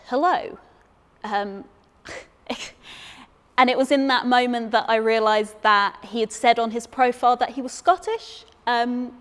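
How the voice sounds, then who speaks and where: A woman's voice: fairly high pitch, in a large hall. Chatty woman telling a stage story. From England. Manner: chatty, self-deprecating, halting with repeated words. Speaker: solo performer. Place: theatre stage.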